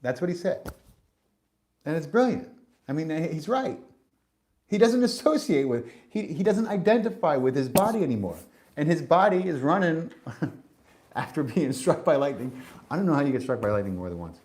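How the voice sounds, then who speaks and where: A man's voice: a little high, very animated, normal speed, pauses often, darkish tone. A man hosting a podcast, delivering a spiritual monologue in an emphatic, preachy way, cursing and restarting often. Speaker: podcast host.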